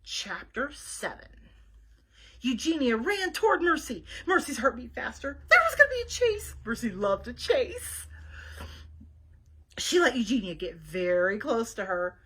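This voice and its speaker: Librarian lady reading a kids book on a webcam, high bright voice, a bit breathy, chats about the pictures. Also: big pitch swings, a little slow. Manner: chatty asides to young listeners, showing pictures. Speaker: children's librarian. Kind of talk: reading a storybook aloud to children.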